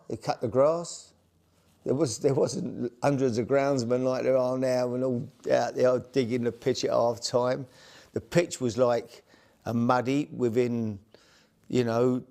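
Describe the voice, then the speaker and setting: A man's voice: medium pitch, mellow. An older man, chattily recalling his football days in an interview. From East End of London. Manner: chatty, leans on "you know". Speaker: former footballer. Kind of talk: reminiscing interview.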